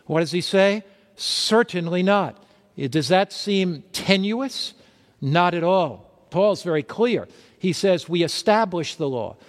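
A man's voice: high voice, lively intonation, takes it slowly, in a large hall. A man preaching a sermon, emphatic, asking his listeners questions and answering them himself. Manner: emphatic, asks the crowd questions then answers.

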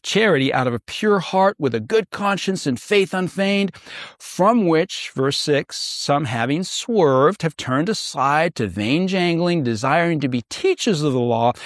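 Earnest man preaching, higher voice. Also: no room sound, clean studio sound. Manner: earnest, emphatic preaching with rhetorical questions. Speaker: pastor. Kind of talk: Bible study teaching.

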